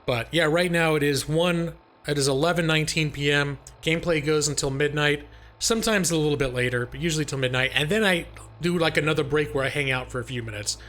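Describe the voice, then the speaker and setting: Joking middle-aged male streamer, slightly high voice. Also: fast talker, fairly bright tone. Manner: joking, laughs often, talks to chat. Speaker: live-stream gaming host. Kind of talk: casual live-stream chat.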